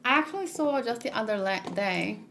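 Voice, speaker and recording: A woman's voice: a little high, expressive, a little fast, gravelly, a bit bright, a little hiss or hum. A woman reading manga aloud and chatting casually between the pages, often laughing at herself. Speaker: manga read-along host. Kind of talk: casual read-along commentary.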